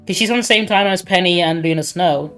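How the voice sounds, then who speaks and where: A woman with a fairly low voice hosts a relaxed, joking gaming chat. She keeps the list moving while faint music plays behind her. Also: brisk. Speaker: streamer, tier-list host.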